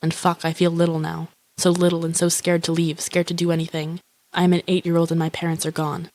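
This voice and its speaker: An actress voicing the deadpan, profane inner monologue of a lonely, grandiose young woman who wishes to be eaten by a shark. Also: fairly low pitch, fairly quick, no room sound, lightly acted. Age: young adult. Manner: flat, profane, self-absorbed musing.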